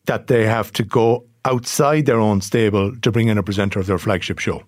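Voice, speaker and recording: A man's voice: lowish voice, a little fast, dry recording, studio quality. An Irish man hosting a news discussion podcast, asking questions with frequent restarts. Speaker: podcast host.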